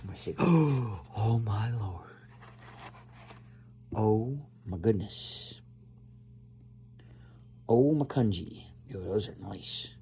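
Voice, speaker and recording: A man filming a casual unboxing vlog after a night of drinking, rambling between loud exclamations and low muttering. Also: slow, vocal fry, long pauses, slight background noise. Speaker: vlogger.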